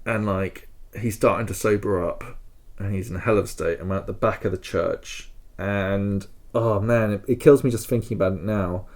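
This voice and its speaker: A man's voice: on the low side, fairly even intonation, normal speed, darkish tone. A man co-hosting a podcast, telling a story in a rambling, emotional way with many fillers. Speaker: podcast co-host.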